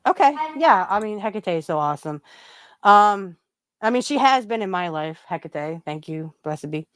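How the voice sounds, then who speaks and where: A woman hosts a relaxed podcast in a smooth, clear voice of middling pitch. She rambles, and her talk is full of fillers, restarts and side remarks. The sound is close and dry, with no room behind her. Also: moderate pace, dry recording. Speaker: podcast host. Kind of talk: casual spiritual chat.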